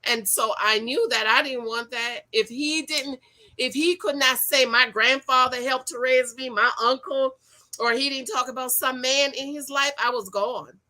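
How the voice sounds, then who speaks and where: A middle-aged woman hosting a casual livestream about dating, reading viewer comments, animated and repeating her points in slang. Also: high-pitched, moderate pace. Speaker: livestream host and dating coach.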